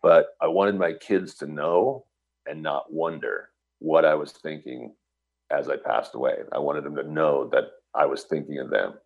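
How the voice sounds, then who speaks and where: A man with an extremely deep, low voice tells a personal story in an earnest, conversational way. He brings the scene to life by acting out the lines people said. The recording sounds slightly dull and lo-fi. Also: measured pace, creaky. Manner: earnest, vivid retelling full of quoted dialogue. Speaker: guest telling a personal story.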